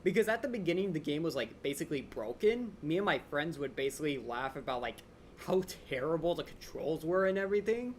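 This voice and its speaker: A young man hosting a live Q&A stream, rambling quickly and eagerly with lots of fillers, his voice a little drained. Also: on the high side, a little hiss or hum. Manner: fast, excited fan rambling with many "like" fillers. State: voice a bit drained. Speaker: channel host answering viewer questions.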